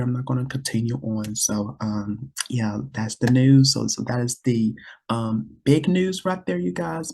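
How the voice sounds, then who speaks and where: Guy hosting his own podcast, gravelly husky voice, earnest and rambling, keeps repeating himself. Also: mid-range voice, a little mellow. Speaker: podcast host. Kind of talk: casual solo podcast talk.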